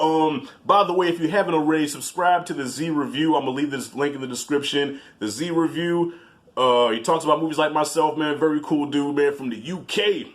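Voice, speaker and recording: A man reviewing a film on his channel, talking loosely and casually with plenty of swearing. His voice sits a bit high for a man. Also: fairly bright tone. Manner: loose, profane, chatty. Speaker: movie reviewer, channel host.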